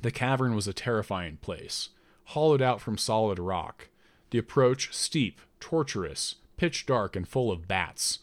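A man reading a first-person story aloud in a measured, deliberate narrating voice. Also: fairly low pitch, expressive. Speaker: audiobook narrator.

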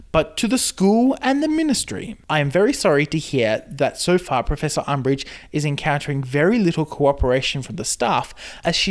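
Podcaster doing a stuffy young wizard reading his letter, stiff fake british voice, bouncy pitch. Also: natural voice. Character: pompous young male wizard writing a stern letter.

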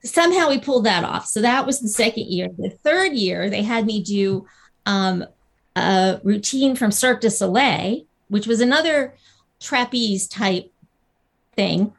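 A woman guest telling a lively anecdote in a casual interview, acting out the people she quotes. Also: mid-range voice, unhurried, vocal fry. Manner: animated storyteller, acts out quotes. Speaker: guest actress.

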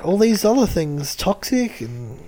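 A man's voice: high voice, big pitch swings, unhurried, dark tone. A man in casual chat, co-hosting and recapping a reality show with joking, detailed storytelling. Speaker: podcast co-host.

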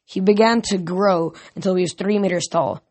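A reader reading a novel aloud, halting and restarting often. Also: mid-range voice, steady tone, darkish tone.

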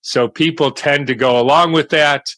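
An older man delivering a slow, deliberate monologue of commentary. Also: a little high, steady tone, a bit bright, no echo.

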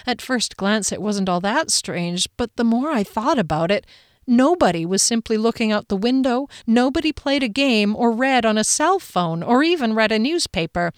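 A woman's voice: on the high side, expressive, normal speed, dry recording, studio quality. A woman reading a first-person audiobook in a conversational, wry storytelling manner. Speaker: audiobook narrator.

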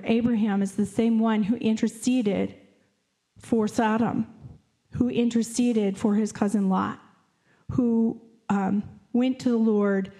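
A woman preaching a sermon, reading scripture aloud in an earnest way and slowing down to dwell on key phrases. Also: a little high, steady tone, dark tone.

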